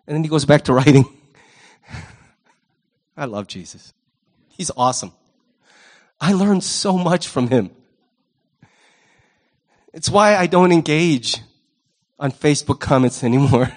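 A male pastor preaching a sermon in an animated, wry way, often jumping into quoted voices. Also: sits high, unhurried, long pauses.

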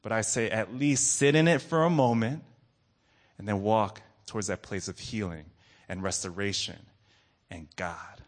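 A man's voice: lowish voice, normal speed. Man preaching with sweeping emphasis. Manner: call-and-response preaching, rising and falling emphasis. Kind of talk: sermon.

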